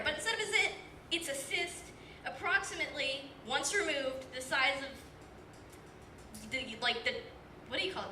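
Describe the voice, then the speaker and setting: A little high and sharp in tone, her voice carries a self-deprecating, rambling tale at a stand-up open mic. She's eighteen, leans on filler words, and is recorded from afar in a small, echoey comedy club with a live crowd and background noise.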